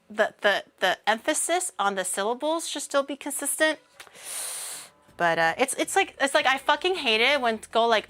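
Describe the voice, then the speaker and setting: A woman streamer chatting casually while she cooks, rambling and breaking into animated mock-outraged rants. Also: sits high. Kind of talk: casual livestream chat while cooking.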